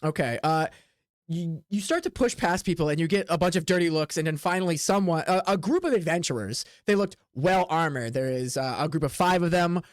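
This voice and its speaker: A man's voice: a little high, a little fast, dry recording, studio quality. A young man running a tabletop game as game master, narrating in a loose, chatty way with frequent restarts.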